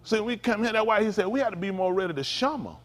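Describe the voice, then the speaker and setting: A man's voice: sits high, expressive, fast talker, a bit bright. A man preaching a conversational sermon to his congregation, with frequent asides to the room. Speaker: pastor. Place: synagogue sanctuary. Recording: long hall reverb.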